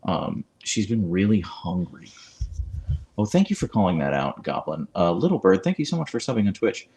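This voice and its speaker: A low, darkish male voice with big pitch swings, spoken at a normal pace. The livestream host chats casually from his phone and reads viewers' comments out loud through a clip-on mic.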